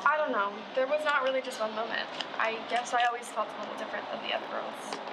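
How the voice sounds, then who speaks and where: A young actress playing a shy, nervous teen girl about to start high school, speaking hesitantly and earnestly. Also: wildly swooping pitch, quick pace, noisy background. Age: teens.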